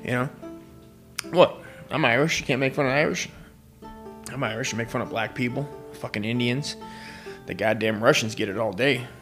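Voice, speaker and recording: A man's voice: medium pitch, brisk, fairly bright tone, soft background music. A man doing a profane, rambling comedy rant that slips into sing-song bits. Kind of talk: crude improvised comedy rant.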